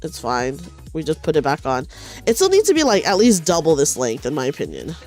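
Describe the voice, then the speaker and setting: A woman's voice: deep voice, wildly swooping pitch, a little fast, darkish tone, soft background music. A young woman streamer chatting casually while she knits, rambling and self-deprecating, often restarting her sentences. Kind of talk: casual chat while knitting.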